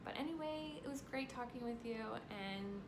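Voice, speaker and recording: A woman's voice: a little high, normal speed. A woman in her forties talking casually to camera in an earnest, chatty way, with many fillers. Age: 40s. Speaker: vlogger. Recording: echoey room with faint noise.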